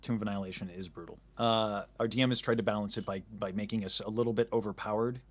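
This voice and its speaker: A man's voice: fairly low pitch, fairly even intonation, fast talker. A man chatting casually as a guest, rambling and self-interrupting with jokes. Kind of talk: casual chat.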